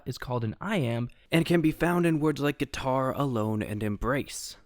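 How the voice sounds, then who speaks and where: A man's voice: a little high, no room sound, clean studio sound. A man hosting a music theory lesson, giving scripted explainer narration with playful asides. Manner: lively, animated delivery with playful asides. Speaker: music educator host.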